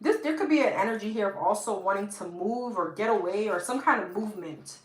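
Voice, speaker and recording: A woman's voice: mid-range voice, animated, brisk. A woman with a New York accent doing a live-stream tarot reading on her phone, chatting casually with viewers. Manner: chatty, addresses viewers as girl and guys. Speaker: tarot reader. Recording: echoey room, faint hiss.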